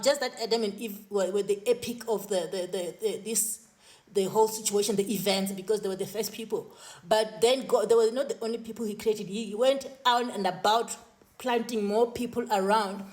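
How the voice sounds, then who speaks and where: A woman's voice: fairly high pitch, a little mellow. Earnest woman recounting visions. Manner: earnest, with frequent restarts and repeated words. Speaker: spiritual vlogger recounting visions. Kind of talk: personal testimony to camera.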